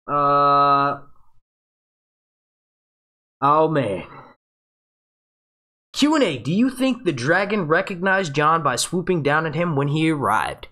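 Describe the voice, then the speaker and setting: An excitable man hosts a live breakdown stream in a loose, casual way. He swears freely and keeps jumping into jokey impressions, talking into a webcam mic in front of a green screen. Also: on the high side. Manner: excitable, profane and jokey, does quick impressions. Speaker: livestream host.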